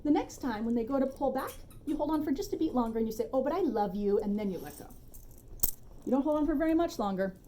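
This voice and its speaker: A woman dog trainer giving a relaxed, chatty demonstration tutorial at home, with informal asides. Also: high-pitched, fast, slight background noise.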